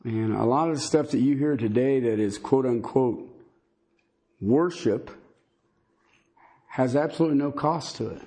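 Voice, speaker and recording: Slow, halting man preaching. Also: medium pitch, warm tone, breathy edge. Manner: slow, halting delivery with many fillers; conversational, folksy asides. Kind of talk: bible teaching sermon.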